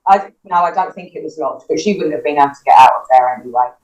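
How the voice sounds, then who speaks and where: A woman's voice: low-pitched, fast, a little mellow, muffled recording. A woman, a paramedic, recounting a personal experience in an interview with vivid, emotional retelling and quoted dialogue. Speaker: paramedic guest. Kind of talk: personal storytelling in a podcast interview.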